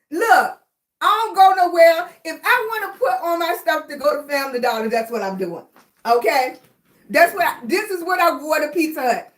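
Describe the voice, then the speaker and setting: Chatting with her livestream audience, this middle-aged host has a high, fairly bright voice. She laughs frequently, seems out of breath, and calls out viewers by name in a relaxed way.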